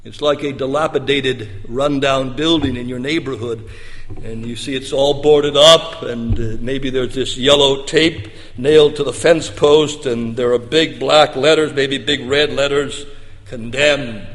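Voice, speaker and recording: A man preaching a sermon with emphatic delivery, swinging between loud bursts and soft, low stretches. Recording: long reverb of a large hall.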